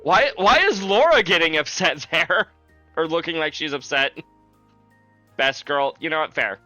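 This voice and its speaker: A man streaming a game, chatting casually with viewers in a joking, sarcastic way with drawn-out asides. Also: on the high side, animated, sharp tone, dry recording, soft background music, rough recording. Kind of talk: casual livestream gameplay chat.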